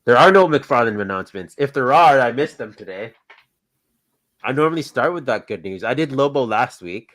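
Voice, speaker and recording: A man's voice: medium pitch, expressive, moderate pace, fairly bright tone. A man hosting a casual show, chatting about toys and films in an easygoing, rambling way. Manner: easygoing, rambling, thinks aloud. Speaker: podcast host.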